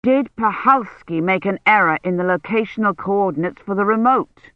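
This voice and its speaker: A woman's voice: medium pitch, normal speed, no room sound, lightly acted. A woman voicing an anxious older male academic pressing urgent questions. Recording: dull lo-fi recording.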